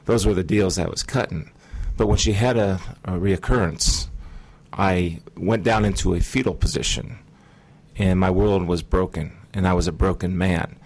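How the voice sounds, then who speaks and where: A middle-aged man earnestly recounting a personal testimony in an interview, measured and pausing often. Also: sits low, fairly even intonation, darkish tone. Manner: earnest, measured storytelling with frequent pauses. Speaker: guest sharing testimony.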